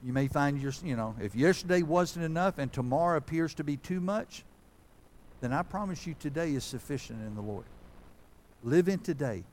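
A man's voice: fairly high pitch, expressive, moderate pace, darkish tone, a little hiss or hum. A man, a pastor giving a folksy, conversational sermon that builds to fervent preaching.

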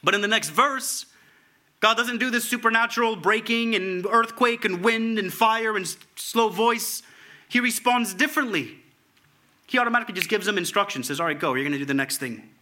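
A man preaching a sermon, reading scripture aloud in an animated way, at times dropping to a hushed tone. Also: high-pitched, brisk. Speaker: pastor.

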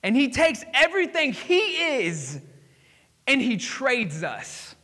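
High bright preacher in a big hall. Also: male voice, huge pitch swings, slow pace. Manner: dramatic storytelling, swinging from hushed to emphatic. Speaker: pastor. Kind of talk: sermon. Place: church sanctuary.

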